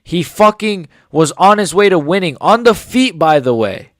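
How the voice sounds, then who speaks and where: An MMA commentator in his forties, his voice pitched high and very animated, launches into a heated, sarcastic rant packed with swearing. He talks at a normal speed, and the studio-quality recording has no echo.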